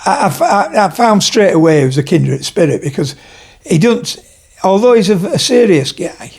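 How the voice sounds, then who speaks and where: An older retired man with a Yorkshire accent, chatting as a podcast guest and telling stories with lively quoted voices. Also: high voice, normal speed, husky. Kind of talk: casual chat.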